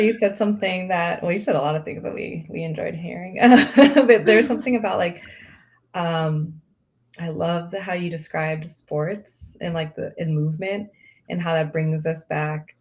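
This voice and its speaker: A woman's voice: on the low side, fairly even intonation, moderate pace, darkish tone. A woman coach in a casual group discussion, speaking thoughtfully with hesitant restarts.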